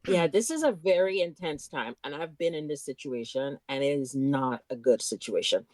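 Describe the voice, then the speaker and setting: A woman's voice: low voice, normal speed, a little mellow, dry recording. A woman co-hosting a podcast, reacting to the recap and adding her own experience in casual chat. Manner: reactive, chimes in with personal asides and laughter. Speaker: podcast co-host.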